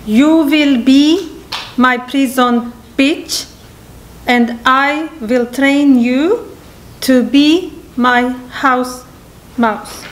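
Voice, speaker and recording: Woman doing a crying student, high voice, slow, faint background hum. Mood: tearful. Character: tearful foreign student actress. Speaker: international acting student.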